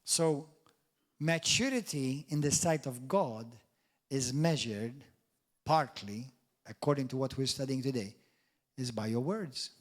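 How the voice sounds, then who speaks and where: A middle-aged man preaching a sermon with emphatic swings in loudness, dropping in jokey asides. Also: mid-range voice, measured pace, pauses often. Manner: jokey asides and mock quotes of doubters. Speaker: pastor.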